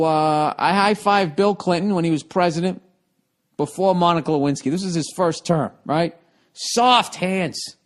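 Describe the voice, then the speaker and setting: A man telling a comic story on a talk show, profane and animated, swinging between loud bursts and quiet asides. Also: sits high. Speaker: comedian guest. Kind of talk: comedic storytelling.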